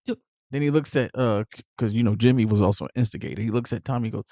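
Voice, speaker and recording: A man recaps a movie casually, rambling through fillers and restarts. His voice is mellow and relaxed, recorded dry and close. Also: on the low side, fast talker, dry recording. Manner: animated retelling with acted-out quotes. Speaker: movie reviewer.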